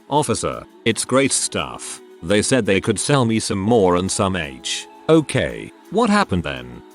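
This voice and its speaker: A man narrating online stories in a calm, read-aloud storytelling manner. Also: fairly low pitch. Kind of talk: scripted narration. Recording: faint music behind voice.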